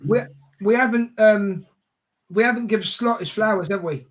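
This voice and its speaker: A man's voice: high voice, moderate pace. A man with a London accent co-hosting a live football watchalong, chatting casually and reading out viewer messages. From Scotland.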